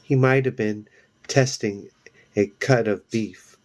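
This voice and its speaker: Male reader, low and slow, casual halting read-aloud. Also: steady tone, darkish tone. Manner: halting, restarts on words. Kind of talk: reading a novel aloud.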